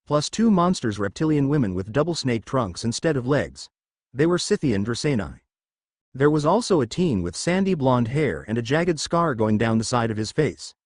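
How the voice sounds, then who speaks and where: A man narrates a fan fiction story with expressive, animated pitch. His voice sits at an ordinary middle pitch for a man. The recording is dry and close, with no room echo.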